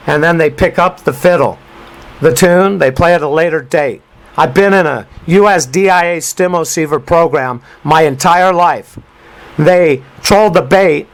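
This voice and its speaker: A man's voice: on the high side, low-quality recording. A man hosting a talk radio show, commenting on a news clip in an emphatic, rambling way with rhyming asides. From United States.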